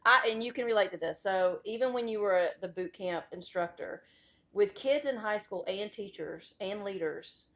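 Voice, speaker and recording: A woman's voice: mid-range voice, normal speed, fairly bright tone. A middle-aged woman, a school vice principal as a podcast guest, giving candid, emphatic opinions in easy conversation. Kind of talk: casual interview chat.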